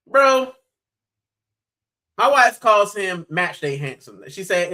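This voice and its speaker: A man's voice: high-pitched, expressive, takes it slowly, pauses often, sharp tone, rough recording. A man from Puerto Rico hosting a football channel's live stream, chatting casually and animatedly, with plenty of "bro".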